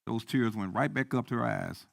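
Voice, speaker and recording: A man preaching a sermon as pastor, repeating key lines and swinging from quiet talk to loud emphasis. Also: medium pitch, moderate pace, vocal fry.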